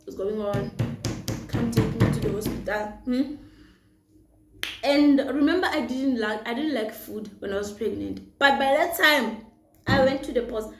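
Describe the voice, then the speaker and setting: A young woman telling a personal story in a casual storytime vlog, chatty and animated, mixing in Setswana phrases. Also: on the high side. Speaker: vlogger. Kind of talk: storytime vlog while eating. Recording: echoey room.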